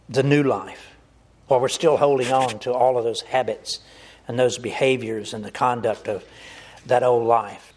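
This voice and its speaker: A man's voice: mid-range voice, a little mellow, husky. A man preaching a sermon, earnest and direct, addressing his listeners as folks.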